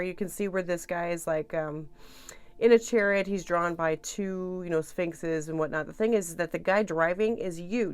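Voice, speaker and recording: Smooth-voiced woman giving a tarot reading. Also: lowish voice. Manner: chatty and soothing, with frequent restarts and swings between soft and loud. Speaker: tarot reader. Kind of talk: casual tarot reading to camera.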